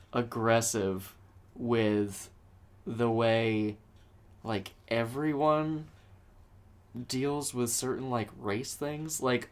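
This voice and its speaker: A podcast co-host chatting casually about movies, rambling with many fillers. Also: mid-range voice. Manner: rambling, many likes and ums.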